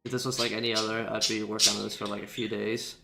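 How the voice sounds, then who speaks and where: A man's voice: fairly low pitch, flat delivery, quick pace, creaky, reverberant, a loud crowd. A young man co-hosting a livestream, chatting casually and rambling while he works on animation, laughing often. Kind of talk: casual chat while drawing.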